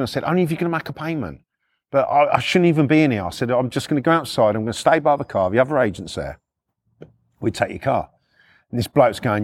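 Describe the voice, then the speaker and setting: A man's voice: medium pitch, fairly quick. Blunt, sweary man telling stories. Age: middle-aged. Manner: blunt, sweary, animated retelling. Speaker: former repo man storyteller. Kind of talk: casual storytelling.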